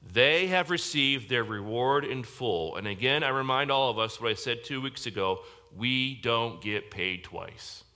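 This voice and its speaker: Male pastor, mid-pitched, bright and forceful, emphatic sermon delivery to a congregation. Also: lively intonation, a little slow, few pauses. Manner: emphatic, asks the congregation questions. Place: church service.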